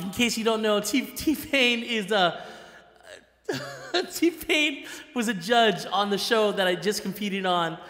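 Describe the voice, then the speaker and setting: A man with a high, bright voice talks excitedly to his live-stream audience, laughing and repeating himself. His room rings with a long, echoey reverb. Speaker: live-stream musician host.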